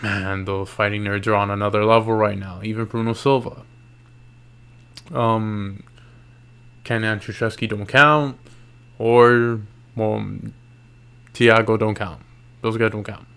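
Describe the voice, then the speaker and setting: A man's voice: on the low side, level tone, unhurried, pauses often, fairly bright tone, clean tone. A tired man recapping MMA fights late at night in loose, slangy casual talk, yawning and restarting his sentences. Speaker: MMA YouTuber.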